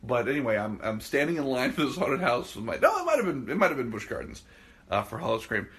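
A man's voice: mid-range voice, big pitch swings, quick pace, fairly bright tone. A man telling stories in casual, profane chat, acting out the voices of the people in them.

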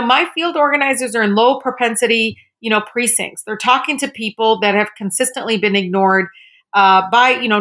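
Bright, animated woman telling stories. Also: fairly high pitch. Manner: animated, acts out quoted dialogue, laughs often. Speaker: congresswoman and guest. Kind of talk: casual interview storytelling.

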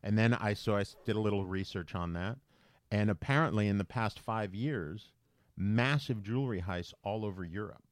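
Low-leaning and moderately paced, the man's voice comes through a dry recording. He's co-hosting a podcast, spinning a story in casual talk and animatedly voicing whoever he quotes.

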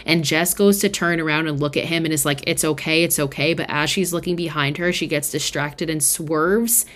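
A woman's voice: deep voice, moderate pace, a bit bright. A young woman podcast host casually retelling a film's plot, chatty and full of swearing and fillers. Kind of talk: casual film recap.

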